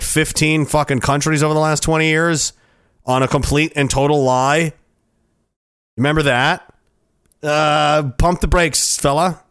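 A man's voice: on the high side, fairly bright tone, no echo, studio quality. A man hosting a casual commentary show, talking in a sarcastic, profane way into a headset mic.

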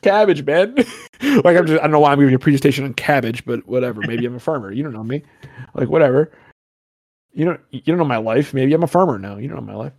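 A man's voice: medium pitch, lively intonation, fast talker, a little mellow, no echo, clean studio sound. A man hosting a podcast, chatting casually in a rambling, joking way and swearing often. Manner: rambling, swears a lot, jokey asides. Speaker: podcast host.

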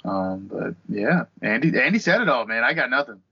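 A man's voice: mid-range voice, sing-song, normal speed, gravelly, husky, no echo, dull audio. A man guesting on a podcast, chatting casually and joking in a laid-back way. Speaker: guest co-host.

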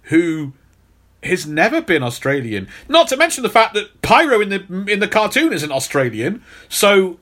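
A man's voice: high voice, very animated, normal speed, a bit bright. Male podcast host, casual storyteller, loose delivery with plenty of restarts. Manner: storytelling, repeats words when restarting.

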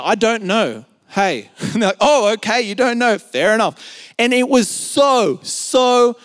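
A man's voice: high-pitched, clear, resonant tone, big-room sound. A man with an Australian accent preaching a sermon in a conversational, storytelling way, full of filler words. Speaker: pastor. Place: church service, streamed.

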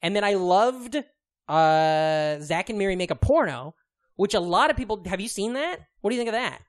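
A man in his thirties co-hosts a podcast, chatting casually in a rambling, profane manner with lots of fillers and frequent laughter. He has a high, expressive voice and talks at a moderate pace.

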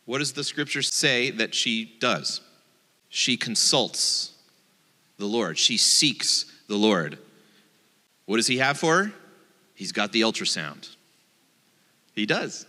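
A man's voice: lowish voice, very animated, slow, long pauses, sharp tone, long reverb tail. A man, a rabbi, giving a playful, joking sermon and acting out the voices in his quotes.

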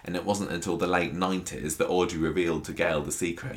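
A man's voice: sits low, fairly even intonation, fast. A British man co-hosting a podcast, chatting casually and rambling with restarts and jokes. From United Kingdom. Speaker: podcast co-host. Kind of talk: casual chat.

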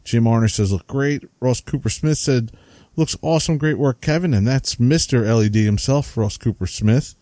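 A man's voice: mid-range voice, moderate pace, warm tone, dry recording. Chatty man with a Jersey accent. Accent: New Jersey. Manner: chatty, laughs while reading names. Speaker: podcast co-host. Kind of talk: casual chat, reading listener comments.

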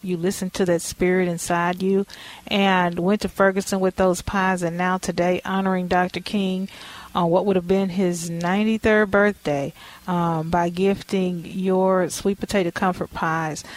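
A woman hosting a talk show, warmly affirming her guest in casual interview chat. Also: on the low side, unhurried, dry recording, low-quality recording. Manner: affirming and lively, with emphatic praise.

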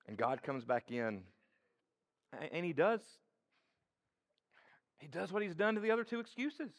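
A man's voice: medium pitch, unhurried, creaky, long pauses. A male pastor preaching a sermon in church, speaking in a casual way and addressing the congregation directly. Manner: conversational and expressive, talks to the congregation directly.

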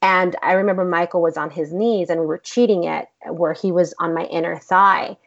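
A woman and actress, the guest in an interview, telling a story in a blunt, profane, animated way. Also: on the low side, normal speed, gravelly. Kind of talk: casual storytelling. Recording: dull lo-fi recording.

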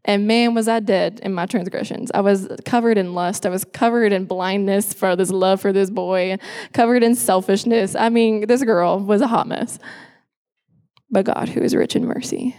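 A woman's voice: medium pitch, steady tone, moderate pace, darkish tone. A woman in her twenties, a pastor giving a personal testimony sermon on a church stage, speaking emphatically and repeating phrases for effect. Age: 20s. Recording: echoey hall with long reverb.

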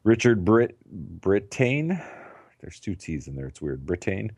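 Very deep-voiced man on a podcast. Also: sing-song, a little slow, darkish tone, slightly rough, no echo. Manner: laughs often, swears freely, riffs. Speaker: podcast co-host. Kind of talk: casual podcast chat.

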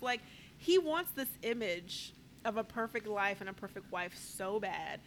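A woman, chatting casually as a podcast co-host, emphatic and quick to exclaim. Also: fairly high pitch, slight background noise. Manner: emphatic, exclaims and laughs often. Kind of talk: casual chat.

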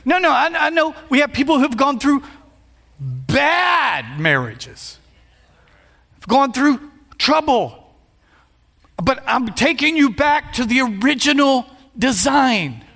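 A man in his fifties, a pastor, preaching a playful sermon that builds to shouts. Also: extremely high pitch, very animated, slow pace, gravelly, long pauses. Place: church sanctuary. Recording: long hall reverb.

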